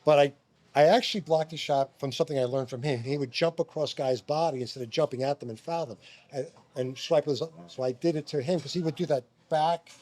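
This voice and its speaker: A middle-aged man from Long Island, a former basketball player, telling animated stories as a guest, swearing and acting out quotes. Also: fairly high pitch, brisk. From Long Island, New York. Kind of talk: animated storytelling. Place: restaurant.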